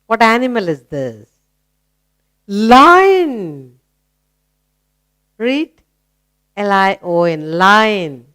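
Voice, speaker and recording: A woman with an Indian English accent teaching a children's English lesson, asking simple questions and praising answers in a slow, encouraging sing-song. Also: mid-range voice, sing-song, fairly bright tone.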